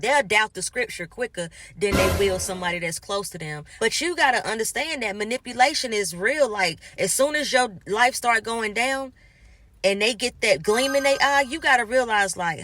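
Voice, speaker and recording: A woman's voice: mid-range voice, normal speed. A woman vlogger in a casual motivational monologue, speaking emphatically and acting out what other people say. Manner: emphatic, acts out quoted people in animated asides.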